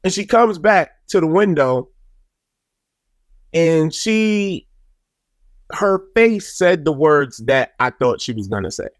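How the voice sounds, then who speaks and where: A young man hosting a podcast, telling a comic story with animated, exasperated outbursts and casual profanity. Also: on the high side, slow, pauses often, dry recording, studio quality. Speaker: podcast host.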